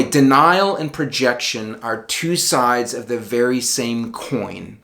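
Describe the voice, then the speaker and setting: A middle-aged man telling a personal story in a wry, conversational monologue with self-deprecating asides. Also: a little high. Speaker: video essayist.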